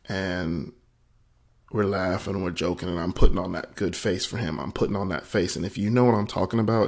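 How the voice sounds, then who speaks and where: A man with a very low, gravelly voice recounts a personal story on his podcast. He talks in a candid, emotional, conversational way, and there's a husky edge to his tone. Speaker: podcast host.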